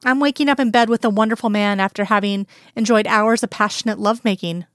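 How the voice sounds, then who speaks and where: A woman voicing a sleepy, affectionate woman lover in a storybook reading, soft and teasing. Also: mid-range voice, fast, smooth, no room sound, studio quality, lightly acted. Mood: teasing, tender.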